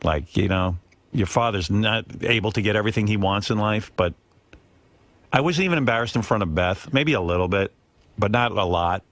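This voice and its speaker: A middle-aged man with a fairly low voice, hosting a radio talk show. He tells a self-deprecating, profane story and slips into quick impressions of the people he quotes. The sound is dry and close, like a studio broadcast mic. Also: a bit bright, dry recording. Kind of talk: casual talk radio chat.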